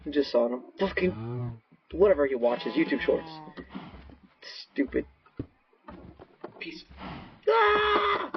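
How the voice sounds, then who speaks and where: A man doing gaming commentary, rambling to himself with profane, erratic outbursts and sudden yelling. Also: mid-range voice. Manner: rambling self-talk. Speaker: gaming channel host. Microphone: laptop mic. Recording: dull lo-fi laptop mic.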